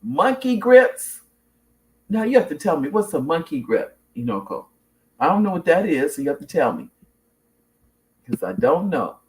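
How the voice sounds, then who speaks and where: Middle-aged woman, talk show host, lively up-and-down delivery, chatty storyteller who laughs easily. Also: low-pitched, normal speed, long pauses. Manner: animated storyteller, laughs often, restarts sentences. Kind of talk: casual chat reading viewer comments.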